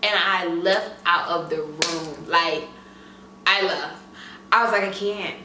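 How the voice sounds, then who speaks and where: A young woman vlogging, telling a casual storytime in an animated way with asides straight to her viewers, in an echoey room away from the mic. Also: lowish voice, slow pace. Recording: echoey room, mic at a distance, faint room noise.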